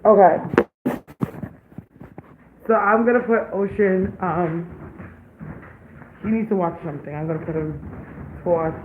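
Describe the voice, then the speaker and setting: A woman's voice: lowish voice, noisy background. A young woman and parent chatting casually in a home vlog, loose and profane, with lots of "like". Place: home kitchen. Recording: tinny phone-like sound in an echoey room.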